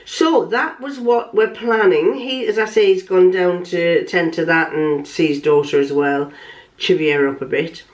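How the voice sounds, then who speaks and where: A woman's voice: fairly low pitch, normal speed. Chatty older woman vlogger. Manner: rambling, with many restarts and fillers. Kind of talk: casual chat.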